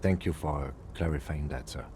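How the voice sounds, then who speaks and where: A man voicing a calm, dry police partner with faint sarcasm. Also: rumbling low, moderate pace, noisy background, voice pushed down.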